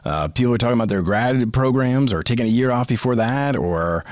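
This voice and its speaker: A man's voice: mid-range voice, animated, brisk, no room sound, studio quality. A middle-aged man from the Boston area hosting a casual solo podcast, chatty and prone to self-aware tangents. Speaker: podcast host.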